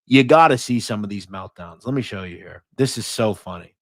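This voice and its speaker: US male podcast host, blunt and mocking, lively swinging pitch, dry close sound. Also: brisk, dry recording. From United States. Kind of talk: casual livestream chat.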